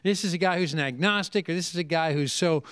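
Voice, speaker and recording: A middle-aged preacher speaks on a conference panel, his voice sitting a little high for a man. He tells stories in a lively way and acts out the people in them. The sound is close and dry, with no room echo. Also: quick pace, clear, resonant tone. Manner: lively storytelling, acting out quoted people. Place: conference seminar session.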